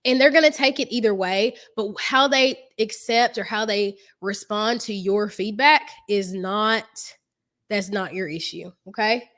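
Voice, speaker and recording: A woman's voice: mid-range voice, a little slow, a bit bright. Chatty middle-aged woman coaching live. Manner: chatty, with frequent ums and self-corrections. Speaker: life coach hosting a live Q&A. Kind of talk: casual live-stream advice talk.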